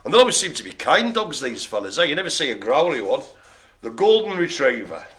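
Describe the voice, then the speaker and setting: A man's voice: medium pitch, big pitch swings, a little fast, fairly bright tone. A man calling bingo as host, joking and laughing through playful banter. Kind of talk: jokey live bingo calling.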